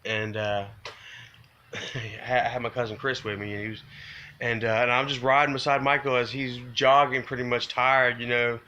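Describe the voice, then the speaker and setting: A man with a bright, forward voice recounts something he regrets, rambling and circling back on himself. He fills every pause with "you know" and "man". When the remorse surfaces, his pitch climbs and his voice strains. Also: little pitch movement, highs cut off, a little hiss or hum. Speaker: vlogger telling a personal story. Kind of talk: confessional storytelling to camera.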